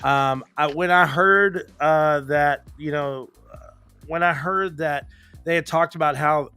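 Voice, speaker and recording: A man co-hosting a casual gaming podcast, ranting with plenty of swearing. His voice sits a bit high and sounds dry and close to the mic. He talks from a home office in loose, excitable bursts. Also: a little slow, smooth, no room sound, soft background music. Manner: ranting, profane, animated. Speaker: podcast host.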